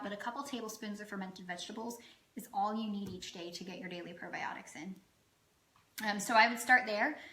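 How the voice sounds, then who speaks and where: A chatty woman talks to the camera as a health coach, bright and forceful in tone, dropping "um" between thoughts. Her voice carries the ring of an echoey room. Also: medium pitch. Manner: chatty, frequent "um" fillers, self-deprecating asides. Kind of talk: casual educational talk to camera.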